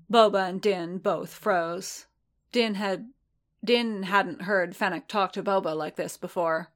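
A woman reading a fiction story aloud in an even, unhurried way, with occasional small restarts. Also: mid-range voice. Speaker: reader.

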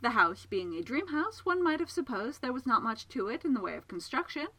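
A woman reading a novel aloud with an expressive, lively delivery, her pitch moving freely through the sentences. Her voice is bright and clear, with a crisp, forward tone. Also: a little fast, low-quality recording. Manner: expressive storytelling. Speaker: audiobook narrator. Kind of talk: scripted narration.

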